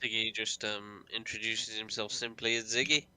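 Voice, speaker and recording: A man's voice: lowish voice, flat delivery, normal speed, bright, forceful tone, a little hiss or hum, poor audio. A man in a tabletop game describing what his character does. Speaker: player.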